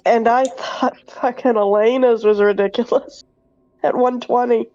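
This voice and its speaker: A woman's voice: on the high side, steady tone, unhurried, warm tone. Blunt woman player, dull recording. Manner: blunt, swears casually. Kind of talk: casual chat at a game table.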